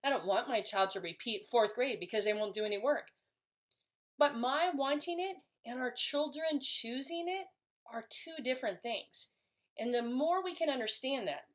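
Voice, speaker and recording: A woman speaks straight to camera as a parenting educator, her voice sitting slightly high. She explains each point in an earnest, steady way and now and then restarts a phrase. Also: normal speed. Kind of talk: instructional talk to camera.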